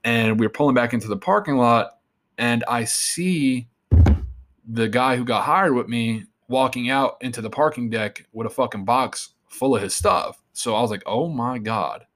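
A man's voice: medium pitch, normal speed, a bit bright. A man being interviewed, telling a story from his life in a casual, rambling and profane way. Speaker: interview guest.

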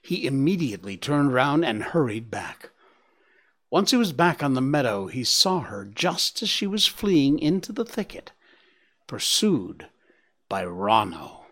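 A man narrating a story aloud in an expressive audiobook style. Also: mid-range voice, a little slow.

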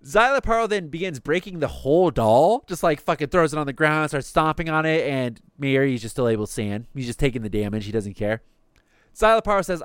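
Animated man recapping an anime. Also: a little high, brisk, clear, resonant tone, no echo, studio quality. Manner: swears casually, acts out quotes in passing. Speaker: podcast host recapping an anime. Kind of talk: casual recap chat.

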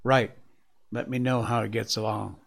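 A man with a gravelly voice reading the calm, measured lines of a reserved gentleman. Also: fairly low pitch, a little hiss or hum. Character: calm, reserved grown man, the dog's master.

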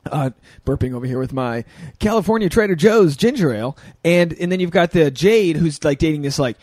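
A man's voice: a little high, lively intonation, a little fast, a little mellow, dry recording. Loose, swearing man on a podcast. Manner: loose, profane, self-deprecating. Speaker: podcast host. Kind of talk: casual chat.

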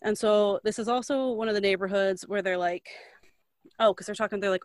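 A woman's voice: medium pitch, steady tone, fairly quick, no echo. A young woman casually recapping a story to a friend, rambling, with lots of "like" and slangy asides. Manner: rambling, heavy use of "like", loose slangy asides. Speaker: podcast co-host recapping a book.

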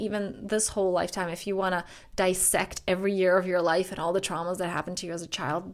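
A woman coaching listeners in a podcast monologue, her voice sitting at an ordinary middle pitch. She talks earnestly and fluidly, circling back over her phrases, and slows into a guided breathing exercise. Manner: flowing, earnest, repetitive phrasing. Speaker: self-growth coach.

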